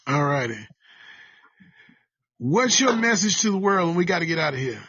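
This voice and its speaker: A man's voice: fairly high pitch, very animated, normal speed, bright, forceful tone, slightly rough, no echo, dull audio. A man interviewing a guest in a casual chat, mostly giving short affirming replies.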